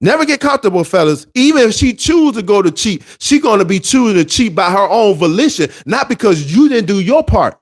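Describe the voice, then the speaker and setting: A high-pitched man talks straight to the fellas like a street preacher. He hammers his points with repetition, and his voice swings widely up and down as he pushes each line home. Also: big pitch swings, moderate pace, hardly any pauses. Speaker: relationship advice speaker. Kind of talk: preachy monologue to men.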